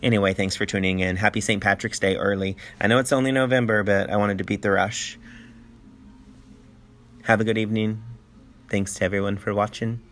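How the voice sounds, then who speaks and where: A man's voice: lowish voice, steady tone, a little fast, pauses often, fairly bright tone, slight background noise. A man reading a picture book aloud, dropping in jokey, playful asides. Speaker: storybook reader.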